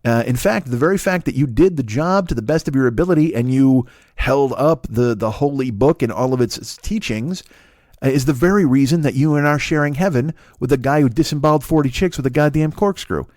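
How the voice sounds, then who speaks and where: A man's voice: mid-range voice, a little fast, dry recording. Guy doing standup, swears a lot, rambles, dead dry sound. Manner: profane, rambling, animated. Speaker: stand-up comedian. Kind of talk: comedy monologue.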